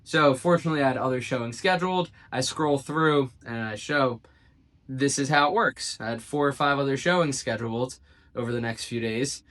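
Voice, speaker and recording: A man in an ordinary middle-register voice tells a personal story straight to his audience in a relaxed vlog style. He bounces between narration and acted-out quotes. He drops dry, sarcastic asides along the way. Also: mid-range voice, normal speed. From South Jersey, United States. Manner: animated retelling, acting out quoted dialogue with dry asides. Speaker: real estate agent. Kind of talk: casual storytelling to camera.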